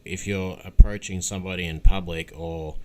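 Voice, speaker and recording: A man's voice: low voice, fairly even intonation, moderate pace. A man commenting on a clip in a video, opinionated, dismissive and sarcastic, swearing freely.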